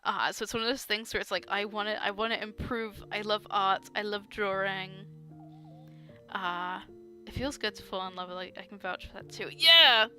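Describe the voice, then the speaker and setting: A woman's voice: mid-range voice, level tone, moderate pace, pushed and bright, soft background music. A young woman chatting casually while drawing on stream, rambling with many fillers and frequent laughs, gushing about art. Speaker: artist streamer.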